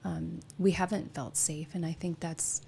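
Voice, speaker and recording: Calm lower-voiced woman, faint hiss. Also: measured pace, creaky. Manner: calm, explanatory, with short affirmations. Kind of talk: casual spiritual chat.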